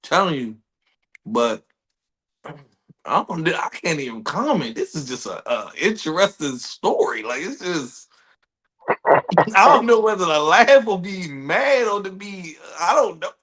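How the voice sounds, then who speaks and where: A man podcast co-host, reacting in a laid-back, halting way with lots of restarts. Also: sits high, very animated, fairly bright tone, breathy edge. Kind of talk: casual chat.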